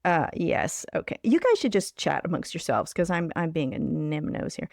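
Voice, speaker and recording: A woman's voice: low voice, big pitch swings, moderate pace, gravelly, a little mellow, no echo, clean studio sound. An older woman hosting a livestream from home, chatting in a rambling way with many fillers. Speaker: livestream host. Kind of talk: casual chat.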